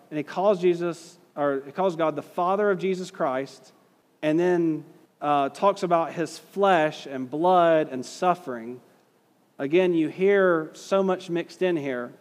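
A man teaches a class, talking in a relaxed, conversational way and reading passages aloud. His voice sits a little high, and he hits key words hard and puts questions to the room. A long reverb trails behind him, as in a large hall. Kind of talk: classroom lecture reading historical quotes.

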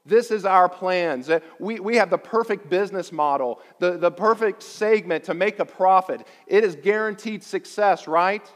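Man, pastor, sermon, emphatic, deliberate, long hall reverb. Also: high voice. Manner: emphatic, deliberate preaching with repeated phrases.

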